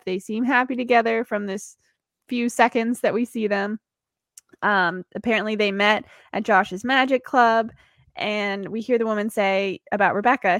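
A woman's voice: mid-range voice, no echo, clean studio sound. A woman hosting a podcast, recapping episodes in a casual, giggly way and quoting lines.

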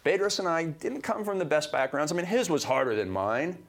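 A man from Canada co-hosting a motivational podcast, delivering advice in an emphatic, high-energy way. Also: expressive, a little fast. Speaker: podcast co-host.

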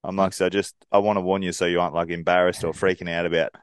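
A man's voice: low-pitched, flat delivery, fast talker, smooth, no room sound, studio quality. A young man co-hosting a podcast, telling stories in an easygoing way and chuckling as he goes. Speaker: podcast co-host. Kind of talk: casual chat.

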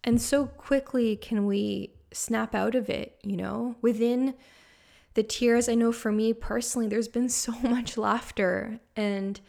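A woman speaker giving a reflective spiritual talk in a soft-spoken, meandering way with frequent fillers. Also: medium pitch, vocal fry.

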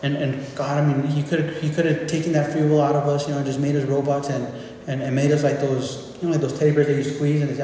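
A man's voice: on the high side, level tone, fast talker, few pauses, noisy background. A man giving an informal, conversational sermon, often restarting and repeating words as he explains. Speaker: preacher. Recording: echoey hall with faint ambience.

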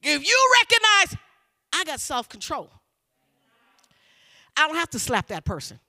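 Man, middle-aged, preacher, very high voice, sharp bright tone, fervent shouted sermon, call-and-response, repeats words. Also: wildly swooping pitch, a little slow.

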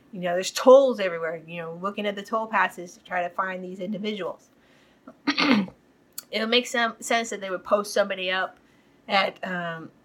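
A woman's voice: medium pitch, a bit bright, poor audio. A woman hosting a podcast, casually recapping a TV episode in a rambling way, full of fillers. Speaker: podcast host.

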